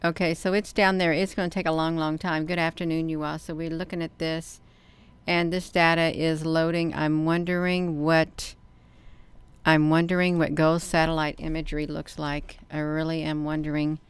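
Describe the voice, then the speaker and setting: A woman hosting a casual live stream. She talks expressively and excitably, speaking straight to her viewers as she comments. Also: low voice, normal speed, smooth. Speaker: channel host reading live chat.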